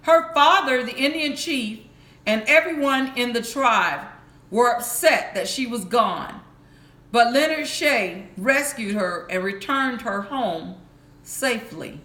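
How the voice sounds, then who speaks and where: In a slightly high, pushed and bright voice with lively intonation, a woman reads a bedtime story for adults slowly and carefully. She makes small restarts, occasionally stopping to correct a word, and the room is echoey.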